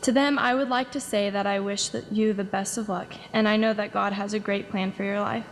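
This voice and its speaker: A woman's voice: medium pitch, steady tone, a little fast, slight background noise. A young woman in her late teens, a graduating student reading an earnest prepared speech. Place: ceremony hall. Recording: hall reverb, faint ambience.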